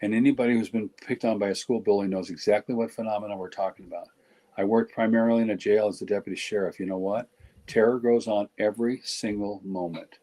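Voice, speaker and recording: A middle-aged man, a guest on a podcast, talks fast in a lowish, steady, mellow voice during a casual discussion. He's blunt and joking, often breaking off and restarting his sentences, and the recording quality is low.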